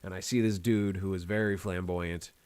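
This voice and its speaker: Low-voiced American man telling rambling stories. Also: steady tone, moderate pace, darkish tone, clear, resonant tone, dry recording. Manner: rambling, profane storytelling. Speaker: podcast host. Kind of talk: casual chat.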